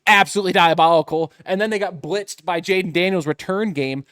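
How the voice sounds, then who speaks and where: A man's voice: high voice, brisk, a bit bright, clean tone, no room sound, studio quality. A young man hosting a casual sports picks chat, joking and upbeat in his banter. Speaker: host.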